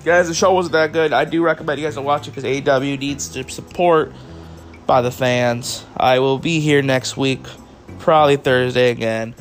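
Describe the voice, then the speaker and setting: A tired man hosting a solo podcast, talking loosely and rambling straight to his listeners, with a bit of swearing thrown in. His voice sits at an ordinary middle pitch. Faint music plays quietly behind him. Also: fairly even intonation, moderate pace. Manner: casual, rambling, swears, addresses listeners as guys. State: tired, yawning. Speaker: podcast host. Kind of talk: solo wrestling review podcast.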